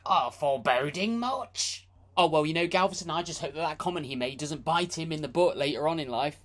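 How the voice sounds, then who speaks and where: A woman's voice: low-pitched, fairly quick. A woman from the United Kingdom co-hosting a film review with sarcastic, mocking commentary. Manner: dry, mocking asides, frequent laughs.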